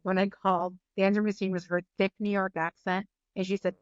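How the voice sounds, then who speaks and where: A woman chatting as a podcast guest, telling stories in a lively, animated way with quick asides. Her pitch is ordinary for a woman. The sound is dry and slightly muffled. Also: no room sound. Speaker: actress guest. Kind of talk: casual interview chat.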